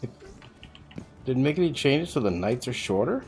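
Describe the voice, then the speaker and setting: A man's voice: mid-range voice, big pitch swings, normal speed, darkish tone, faint music behind. A man streaming a game, chatting casually with viewers while he plays, rambling and swearing freely. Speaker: livestreamer.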